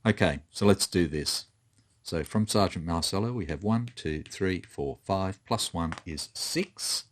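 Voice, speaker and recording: A man's voice: deep voice, unhurried. A man thinking aloud and counting as he plays through a tabletop wargame, muttering to himself as he moves pieces. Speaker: board game player. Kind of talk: solo tabletop wargame playthrough commentary.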